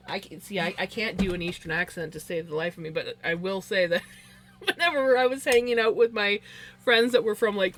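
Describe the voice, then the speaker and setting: A woman's voice: mid-range voice, fairly quick, a bit bright. A woman with a Canadian accent hosting a livestream, chatting casually with viewers, rambling with frequent restarts and little laughs. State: sleepy. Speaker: livestream host. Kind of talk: casual chat reading viewer comments.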